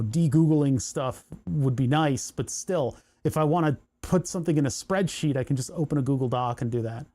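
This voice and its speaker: Man hosting his own hobby channel, casual workbench talk that wanders with dry sarcastic asides; mellow tone, sits a little high. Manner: rambling, sarcastic asides, lots of restarts. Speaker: electronics hobby channel host. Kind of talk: casual workbench chat to camera.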